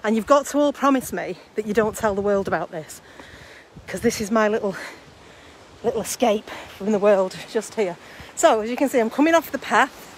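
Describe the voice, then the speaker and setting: A woman's voice: medium pitch, lively intonation, normal speed. A woman chatting on a live-stream while walking along coastal rocks, laughing often. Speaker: vlogger livestreaming a coastal walk. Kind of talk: casual live-stream walk chat. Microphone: phone held while walking. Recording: light outdoor background noise.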